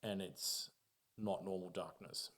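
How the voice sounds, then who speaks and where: Australian man, lowish voice, casual, swearing, animated, acting out reactions, podcast storytelling. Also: takes it slowly. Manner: profane, animated, acts out his own reactions. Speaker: podcast guest telling a ghost story.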